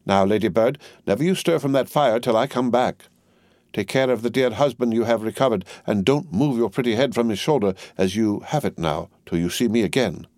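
A man's voice: lowish voice, a little fast, darkish tone, dry recording, clean studio sound, close to an everyday voice. A man reading an audiobook, voicing a brusque, fiercely patriotic middle-aged Englishwoman with a fussy, emphatic manner. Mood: brisk, emphatic. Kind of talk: audiobook character voice.

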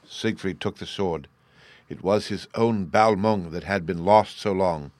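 A man narrating a storybook in a measured way, slowing down on speech tags. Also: sits low, a little mellow, no room sound.

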